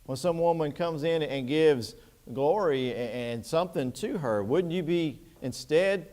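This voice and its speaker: A man's voice: a little high, expressive, normal speed, a little mellow. A man teaching a church Bible class, talking through scripture in a conversational way and putting questions to the class.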